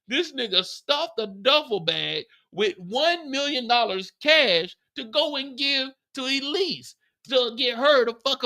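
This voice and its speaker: Animated profane man recapping a show. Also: extremely high pitch. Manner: animated, profane storytelling with acted-out quotes. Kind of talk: casual episode recap.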